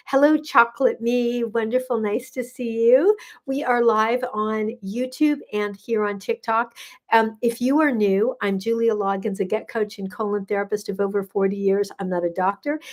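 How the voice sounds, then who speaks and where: Older woman, gut coach hosting her livestream, a bit high-pitched, effusive, greets everyone by name. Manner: effusive, greets viewers by name with drawn-out hellos and kisses. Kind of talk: casual livestream chat. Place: home in Santa Barbara.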